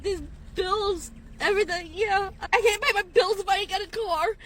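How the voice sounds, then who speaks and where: A woman's voice: extremely high pitch, normal speed, a bit bright, a little hiss or hum. A woman in her fifties, tearful and distraught, venting in a rambling way to her phone from inside her car. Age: 50s. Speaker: gig delivery driver.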